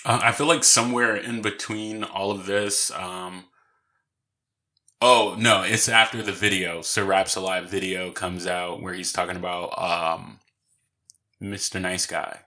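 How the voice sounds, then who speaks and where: A man's voice: sits low, steady tone, unhurried, sharp tone. A man chatting casually with a friend about a film, agreeing often and laughing. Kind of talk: casual chat recapping a film.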